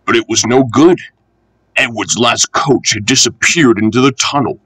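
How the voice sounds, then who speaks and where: A man reading a children's railway storybook aloud, expressive and animated. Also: mid-range voice, moderate pace, slightly rough, no echo, low-quality recording.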